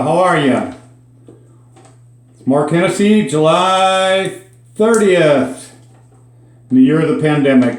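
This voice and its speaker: Chatty Minnesotan man in an echoey room. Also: on the high side. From Minnesota, USA. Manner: chatty, folksy, with dry asides. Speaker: host teaching Spanish words. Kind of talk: casual spoken lesson.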